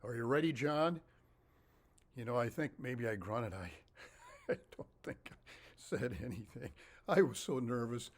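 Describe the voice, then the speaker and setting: A man telling his own childhood story to the camera, lively and animated and laughing often. He shifts easily between getting louder and dropping his voice, with a mid-range pitch. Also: normal speed. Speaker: storyteller and author. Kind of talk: casual anecdotal storytelling.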